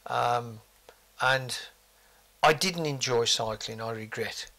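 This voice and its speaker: A man's voice: medium pitch, takes it slowly, creaky, sharp tone. An older man, reminiscing forthrightly in an interview with blunt asides.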